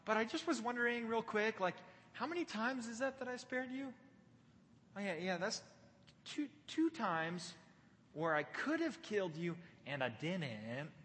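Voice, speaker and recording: A man's voice: high voice, expressive, a little slow, a bit bright, long reverb tail, pitched above the performer's own voice. A man voicing a young male warrior who teases and mocks his rivals in a casual, sarcastic way.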